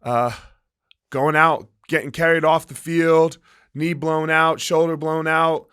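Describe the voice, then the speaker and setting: A man's voice: fairly high pitch, little pitch movement, slow, fairly bright tone, clean tone. A man in his forties, a former fighter and gym owner, telling stories candidly and emphatically in an interview, swearing freely and often asking "right?". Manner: profane, emphatic, frequent "right?" and "like".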